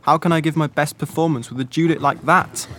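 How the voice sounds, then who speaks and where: Cast note: man voicing a boastful teenage boy actor, slightly raised pitch. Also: fairly even intonation, a little fast, fairly bright tone, a little hiss or hum, lightly acted. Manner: boastful, self-important. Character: vain ambitious teenage boy actor Ross.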